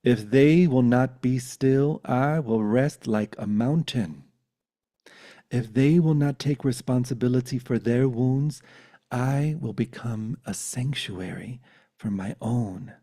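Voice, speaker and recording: A man leads a spiritual talk over a video call, unhurried and contemplative. His voice is mellow and warm, and he moves from reflection into a poetic recital. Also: medium pitch. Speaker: spiritual teacher.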